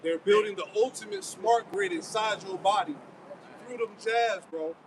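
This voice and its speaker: A man with a high voice talks in a fired-up, preachy way, full of street slang. He is outdoors, with faint traffic noise running under him. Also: normal speed. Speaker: host of a live street broadcast. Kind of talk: live-stream discussion.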